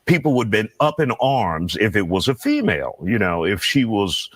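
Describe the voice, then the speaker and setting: Male news anchor, composed and conversational, lowish voice, dry close sound. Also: wildly swooping pitch, moderate pace, dry recording. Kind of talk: broadcast news discussion.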